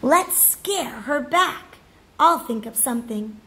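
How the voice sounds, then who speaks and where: A woman voicing a bossy, dramatic older sister who tells scary tales slowly and ominously in a storybook reading. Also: sits high, expressive, sharp tone, full character voice. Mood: scheming.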